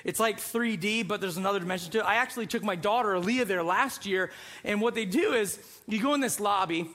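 A man preaching a sermon as a pastor, telling a lively story and acting out the voices in it. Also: sits high, brisk. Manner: animated storytelling, acts out voices.

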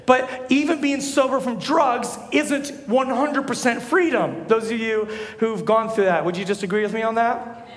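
A young man preaching a sermon as a pastor, telling stories with animated energy and rising to shouts. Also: very high-pitched, normal speed. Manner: animated storytelling, rises to shouts. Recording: echoey hall.

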